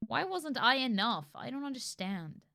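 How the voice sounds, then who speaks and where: A woman's voice: high voice, sing-song, moderate pace, over music. A woman voicing a dejected teenage girl in a dating game, read close to her own voice. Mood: hurt. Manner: plain reading, near her own voice.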